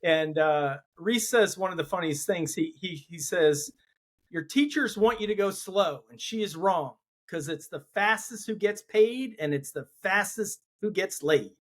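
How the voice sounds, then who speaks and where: A man guesting on a podcast, calmly walking through his favorite movie scene. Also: sits high, a little slow. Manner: steady, explains his pick step by step. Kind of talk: casual movie chat.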